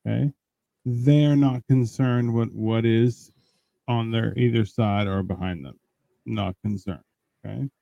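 A man's voice: medium pitch, a little slow, gravelly, no echo, highs cut off. A podcast host, a man, chatting casually and acting out quoted exchanges, swearing freely. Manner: animated storyteller, acts out quotes, swears freely.

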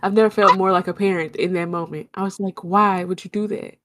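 Give me a young woman, retelling a story in a lively, animated chat. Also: mid-range voice, a little fast, background noise. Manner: animated storytelling, acts out her own shouts. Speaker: storyteller in casual podcast chat. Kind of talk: casual chat.

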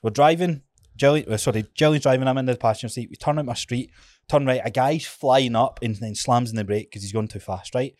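A Scottish man hosting a podcast, telling stories in casual, sweary, energetic chat. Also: medium pitch, fairly quick, dry recording, clean studio sound. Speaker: podcast host.

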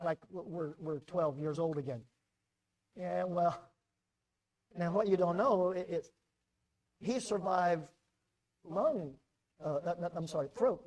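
A middle-aged American pastor delivering a sermon in a fairly high voice. He often repeats words as he builds a point, and he moves between loud emphasis and quiet, measured passages.

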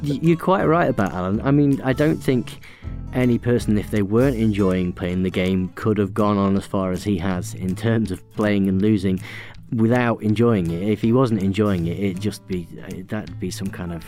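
A man hosting a podcast, chatting in a relaxed, easygoing way with small restarts. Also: fairly low pitch, normal speed, faint music behind. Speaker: podcast host. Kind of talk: casual chat.

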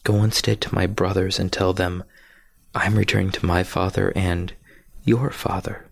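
A man voicing a gentle, kind risen teacher in a dramatic scripture retelling, speaking calmly. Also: sits low, normal speed, vocal fry. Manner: kind, calm.

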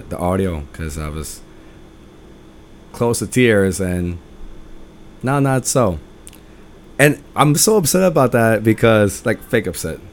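A man with a lowish voice hosts his own podcast, telling personal stories in a casual monologue. He talks loudly and with emphasis. He rambles and restarts his sentences as he goes. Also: a little hiss or hum. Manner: loud-spoken and emphatic. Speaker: podcast host.

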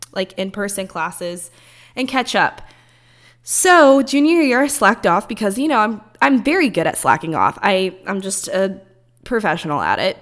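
A woman's voice: mid-range voice, a bit bright. A young woman in her early twenties hosts a loose, unscripted podcast. She rambles casually, wanders off track and swears freely in her talk. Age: early 20s. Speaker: podcast host.

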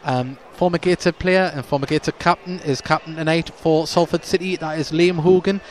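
A man's voice: on the high side, steady tone, a little fast. A man hosting a club podcast, giving chatty pre-match commentary from a stadium stand and stumbling a little over names.

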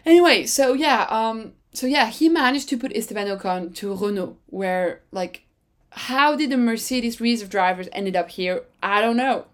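A woman's voice: a little high, normal speed. Chatty woman podcaster. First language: French. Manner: rambling, chatty, self-correcting, with sudden excited jumps. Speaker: podcast host. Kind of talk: casual solo chat.

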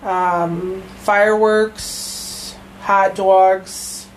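A woman's voice: mid-range voice, flat delivery, extremely slow, slight background noise, poor audio. A woman co-hosting a casual true-crime podcast, talking in a rambling, profane way with lots of fillers. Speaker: podcast co-host.

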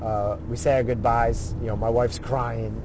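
A man's voice: medium pitch, flat delivery, unhurried, a little mellow, slight background noise. A middle-aged man telling a story in a casual, profane way, acting out what other people said in his own voice.

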